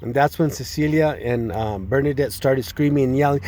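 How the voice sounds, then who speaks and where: A man giving a personal testimony. He speaks in a halting, earnest and distressed way, often restarting and repeating words. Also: medium pitch, darkish tone, a little hiss or hum. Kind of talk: personal testimony, spoken retelling.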